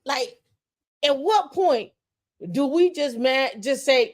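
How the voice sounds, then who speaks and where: A high, animated voice belongs to this woman, who nonetheless speaks slowly. Co-hosting a podcast of casual opinion talk, she rants passionately, repeats phrases to drive them home, and stumbles into restarts when heated.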